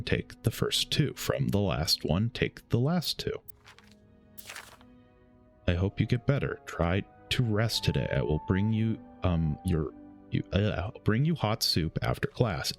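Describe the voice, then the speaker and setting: A young man with a very low voice reads game letters aloud at an unhurried pace. He stumbles over words and corrects himself as he goes. Faint game music plays behind him. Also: sing-song. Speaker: gaming streamer.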